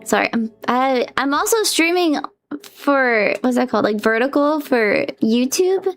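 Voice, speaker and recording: Woman, VTuber streamer, giggly, flustered, very high voice, lively ups and downs. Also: unhurried, faint music behind. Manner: giggly and flustered, squeals often; talks to herself while fixing her setup. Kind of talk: casual live-stream chat.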